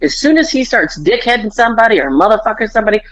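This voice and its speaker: A woman's voice: on the high side, lively intonation, very fast, muffled recording. A woman podcast host telling family stories in casual chat, swearing freely and acting out her parents' quarrels.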